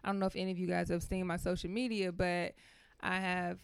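A woman in her thirties hosting a talk show, telling stories in a lively, colloquial way. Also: lowish voice, a little fast, gravelly, clear, resonant tone, no echo. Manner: animated, storytelling, Southern-style colloquial speech. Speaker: podcast host. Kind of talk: casual chat.

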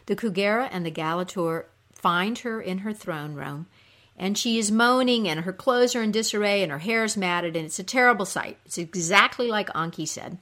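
A woman's voice: medium pitch, fairly bright tone. A woman retelling a myth in a casual, conversational storytelling style. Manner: unhurried, conversational.

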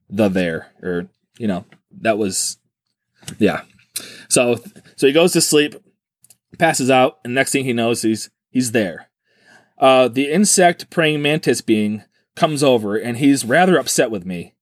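A man hosting a casual podcast, retelling a strange tale with lots of animation. His pitch rises and falls widely as he acts out the quoted lines. The recording is dry and close. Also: no room sound. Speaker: podcast host. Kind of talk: casual comedic storytelling.

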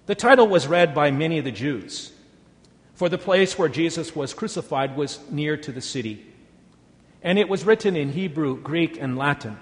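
A man giving a measured, solemn scripture reading. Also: a little high, lively intonation. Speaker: scripture reader. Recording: long hall reverb.

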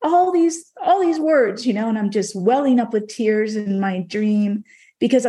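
A podcast guest tells an emotional personal story in an earnest, conversational way, filling her speech with many fillers. Her voice sits on the high side and sounds mellow, and she speaks at a measured pace.

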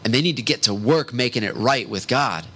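A man preaching a sermon in an earnest way, slowing down to stress key words. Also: mid-range voice, animated, bright, forceful tone, slight background noise, poor audio.

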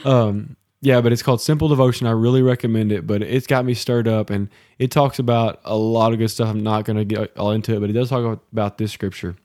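A man's voice: lowish voice, steady tone, fairly quick, few pauses, darkish tone, no room sound, studio quality. Earnest man preaching on a podcast. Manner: earnest, preachy exhortation with teasing. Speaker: podcast co-host. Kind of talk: casual devotional podcast talk. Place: home office.

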